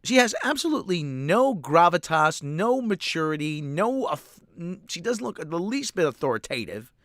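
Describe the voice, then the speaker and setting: A man's voice: fairly high pitch, very animated, moderate pace, a bit bright, no echo, studio quality. A man ranting sarcastically and with profanity while reviewing a show, exasperated throughout. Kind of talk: ranting commentary.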